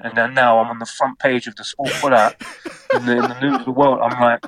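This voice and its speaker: A man's voice: medium pitch, brisk. A middle-aged man from England, a former footballer, telling a casual anecdote and acting out the quotes in it. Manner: animated storyteller, acts out quotes.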